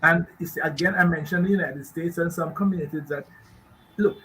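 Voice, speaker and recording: Jamaican man, radio guest expert, emphatic and rambling, bright somewhat high voice. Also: brisk, slight background noise, poor audio. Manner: emphatic, rambling, asks rhetorical questions. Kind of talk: radio talk show discussion.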